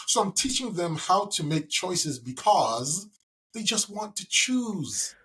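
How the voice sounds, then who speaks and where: Calm man telling a family story. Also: high-pitched, a little slow. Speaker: podcast guest. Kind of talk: conversational storytelling.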